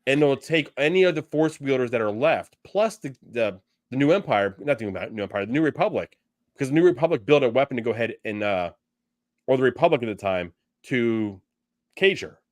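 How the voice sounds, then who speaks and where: A man's voice: medium pitch, expressive, fairly quick, dry recording. Rambling man, dry close sound. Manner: rambling, many restarts and fillers. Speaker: podcast co-host. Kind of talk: casual fan discussion.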